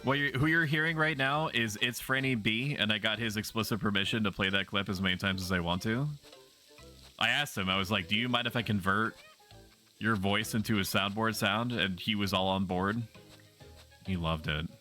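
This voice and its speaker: Bright-voiced man streaming with chat. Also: fairly low pitch, normal speed, faint music behind. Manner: playful, teasing, bawdy, chatty with viewers. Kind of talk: casual gaming commentary.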